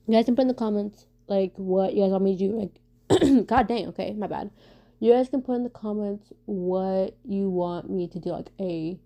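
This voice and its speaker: A woman vlogging casually for her viewers, talking fast and stumbling over her words, with lots of fillers and restarts. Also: medium pitch. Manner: fast talker who stumbles and stutters; many fillers and restarts, animated storytelling. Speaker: vlogger answering viewer questions. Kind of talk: casual rambling chat.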